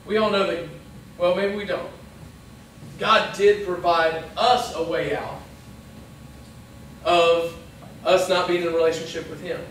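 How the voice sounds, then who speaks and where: A man's voice: high-pitched, fairly even intonation, a little slow, pauses often, fairly bright tone, very echoey, far from the mic, slight background noise, poor audio. A man giving a casual, conversational sermon to young people, acting out little quoted lines as he goes. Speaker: pastor. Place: church hall.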